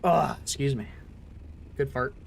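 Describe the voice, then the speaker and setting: A man's voice: medium pitch, a little slow, vocal fry, a little hiss or hum. Laid-back man chatting over gameplay. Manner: laid-back, joking, talks through his plans. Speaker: gaming streamer. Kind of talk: casual gameplay commentary.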